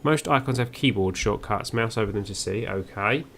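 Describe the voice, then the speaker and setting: A man's voice: on the low side, normal speed, creaky, a bit bright, a little hiss or hum. A man giving first-play game commentary, musing aloud and reading on-screen text as he goes. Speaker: game streamer.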